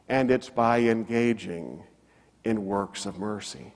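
A man's voice: on the low side, slow pace. A man preaching a sermon. He tells a story and swings his voice up and down for emphasis. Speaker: pastor. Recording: long reverb of a church hall.

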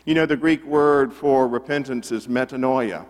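A middle-aged man preaching a sermon, conversational and animated, full of rhetorical questions. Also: mid-range voice, normal speed, in a large hall. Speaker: pastor.

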